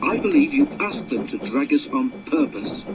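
A man's voice: fairly high pitch, huge pitch swings, normal speed, noisy background. A man doing a stern, scolding train driver. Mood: cross. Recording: dull lo-fi audiobook with music.

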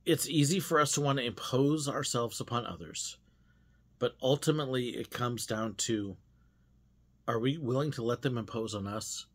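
A man's voice: mid-range voice, moderate pace, breathy edge. A man hosting a devotional podcast, speaking in an earnest, self-searching monologue with frequent hesitations.

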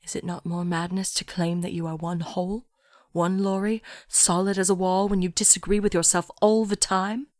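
A woman's voice: fairly low pitch, level tone, normal speed, hardly any pauses, no echo, clean studio sound, natural voice. A woman voicing a serene, murmuring young man. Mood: gentle. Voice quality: murmuring, thick unplaced accent. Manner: soft, hushed, near-whispered delivery. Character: serene gentle young man, soft-spoken guide. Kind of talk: audiobook story reading.

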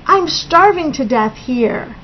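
A woman voicing a hungry, rude young male bird with a high, whiny, squawky voice, reading from a storybook, on a dull lo-fi recording. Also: lively intonation, slow pace, a little hiss or hum. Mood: frantic, whiny.

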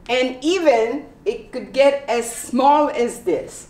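A woman's voice: on the high side, expressive. Woman teacher going over pronunciation, repeats every example, sounds a bit far off in a roomy echo. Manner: slow, repeats example sentences carefully. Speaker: English teacher. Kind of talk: pronunciation lesson. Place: library. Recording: echoey room, voice from the mic's distance.

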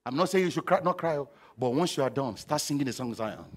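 A middle-aged man preaching a sermon, animated and humorous, acting out scenes with sound effects. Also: medium pitch, fast. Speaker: pastor.

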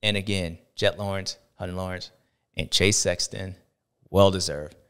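A man hosts a racing show in animated casual commentary, slangy and playful, acting out other people's reactions with big jumps in pitch. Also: moderate pace, smooth. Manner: slangy, drawling delivery. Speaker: host of a racing talk show.

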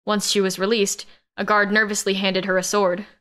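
Smooth-voiced woman narrating an audiobook. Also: medium pitch, flat delivery, normal speed, fairly bright tone. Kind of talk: first-person audiobook narration.

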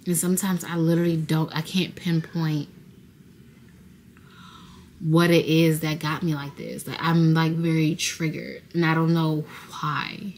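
Young woman vlogging, real low voice, super laid back and slangy, just chatting. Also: level tone, unhurried, a little mellow, slight background noise. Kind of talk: casual vlog chat.

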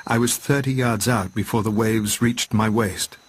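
A man narrating a classic novel as an audiobook, in a steady, measured reading voice. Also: on the low side, breathy edge.

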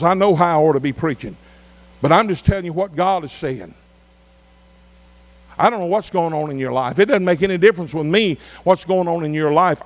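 A middle-aged man preaching a revival sermon as pastor, with drawn-out emphatic phrases. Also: fairly high pitch. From Arkansas.

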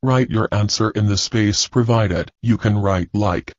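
A man teaching, reading a children's story and class activities aloud slowly and deliberately. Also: lowish voice, dry recording. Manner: slow, deliberate, clear reading. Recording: dull, dry lo-fi recording.

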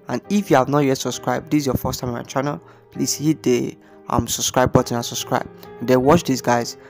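A man's voice: medium pitch, fairly even intonation, brisk, vocal fry, faint music behind. Chatty man hosting a video channel. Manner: chatty, repetitive, eager urging. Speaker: channel host. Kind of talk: casual video commentary.

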